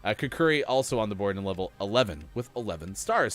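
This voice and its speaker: An upbeat man co-hosts a live gaming morning show and rattles off player standings. His pitch climbs and dips all over the place. Faint music plays underneath. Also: big pitch swings, normal speed, fairly bright tone. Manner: upbeat announcer reading scores. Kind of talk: live-stream game commentary.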